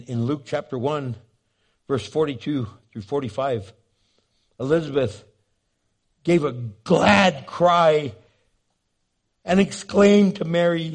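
A man preaching a sermon, animated and jokey, acting out the scenes he describes. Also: on the high side, slow, pauses often. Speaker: pastor.

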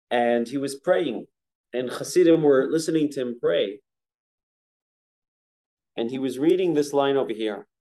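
A man leads a relaxed Torah class at a middle pitch. He talks to his students conversationally and stretches out Hebrew verses when he chants them. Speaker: rabbi teaching a prayer-book class.

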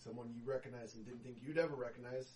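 A man's voice: mid-range voice, steady tone, racing, darkish tone, far from the mic, slight background noise. A man running a tabletop game as game master, narrating casually, laughing often and swearing freely.

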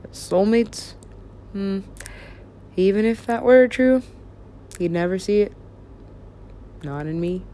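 A woman's voice: medium pitch, expressive, takes it slowly, pauses often, mellow. A woman recording herself in a rambling solo monologue, talking to herself and swearing casually. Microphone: self-recorded.

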